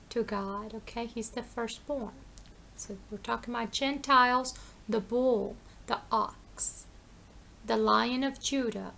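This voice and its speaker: Woman, preacher, informal sermon, emphatic, repeats phrases, gravelly, bright. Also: on the high side. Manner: emphatic, repeats phrases, asks and answers questions.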